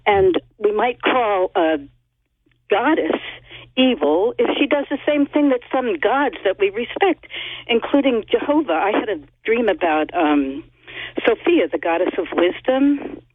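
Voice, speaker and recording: An eager woman from Northern California calls in to a radio show and chats quickly, laughing between points. The call comes through a thin, phone-like line that is dry and slightly breathy. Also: mid-range voice, dry recording. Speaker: caller.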